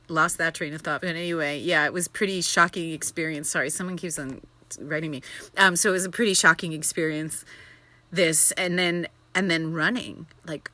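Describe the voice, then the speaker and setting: A young woman vlogging casually from her apartment, excitable and rambling, often restarting her sentences. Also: on the low side. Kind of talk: casual daily vlog. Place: her apartment in Tel Aviv.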